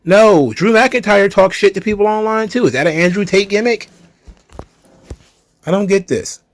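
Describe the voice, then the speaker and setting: A man's voice: high voice, moderate pace, no room sound. A man hosting a wrestling commentary show, ranting in a heated, sarcastic way with swearing. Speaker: wrestling commentary channel host.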